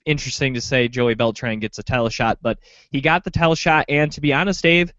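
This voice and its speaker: A man's voice: medium pitch, fairly even intonation, a little fast, fairly bright tone, dry recording. A man co-hosting a casual sports podcast, rambling through a fight breakdown with lots of fillers. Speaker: podcast co-host. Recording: dull lo-fi dry sound.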